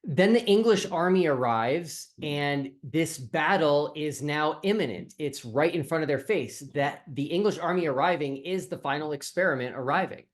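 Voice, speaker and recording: A man's voice: a little high, animated, moderate pace, hardly any pauses. A male host giving a casual spoken update, retelling a film scene as a comparison. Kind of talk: casual commentary.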